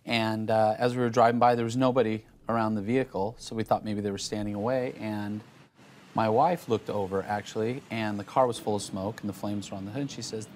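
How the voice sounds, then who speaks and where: A man speaks as a guest on a television interview, his voice sitting at an ordinary middle pitch. He tells his story plainly and haltingly, often restarting his sentences. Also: fairly even intonation, darkish tone. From Los Angeles area.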